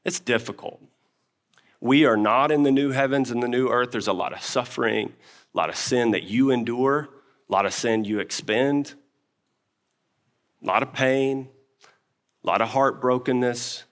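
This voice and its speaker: A man's voice: mid-range voice, normal speed, pauses often, fairly bright tone. A man preaching a sermon in an earnest, conversational way, telling a personal story with many asides and then leading a prayer. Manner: acts out quoted speech, dropping to a whisper at times. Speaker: pastor.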